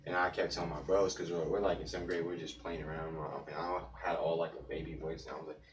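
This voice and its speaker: A man's voice: low-pitched, level tone, quick pace. A young man in his teens telling a story in a laid-back, slangy way. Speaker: panel guest. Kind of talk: casual storytelling. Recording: echoey room, far from the mic.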